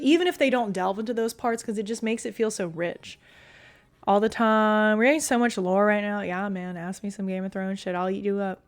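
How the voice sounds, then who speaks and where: Young female streamer, casual and talkative, filler-heavy, salty mouth, mid-range voice. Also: medium pitch. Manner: chatty and loose, full of "like", swears freely. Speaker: streamer reading chat. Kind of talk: casual chat with viewers.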